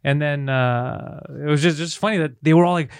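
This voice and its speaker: A man's voice: on the high side, a little fast, clear, resonant tone, no echo. A young man co-hosting a casual comedy podcast, telling family stories with frequent laughter and casual swearing. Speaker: podcast co-host.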